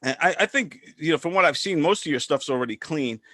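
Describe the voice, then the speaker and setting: Male host, middle pitch, loose and filler-heavy, dry close sound. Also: fast talker, no room sound. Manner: relaxed, loose questions full of fillers. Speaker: podcast host. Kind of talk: casual interview chat.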